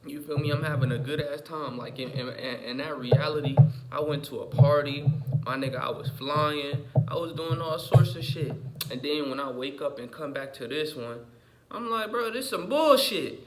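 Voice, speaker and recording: A young man vlogging just after waking, his voice rough with morning, rambling in slang with restarts and repeated "you feel me?" asides. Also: medium pitch, steady tone, normal speed, very noisy. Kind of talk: casual rambling monologue. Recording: echoey room.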